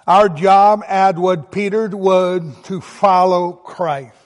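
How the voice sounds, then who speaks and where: A man's voice: sits high, steady tone, slow, long reverb tail. A man preaching a sermon, reading scripture aloud and stressing key words with emphasis. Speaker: pastor.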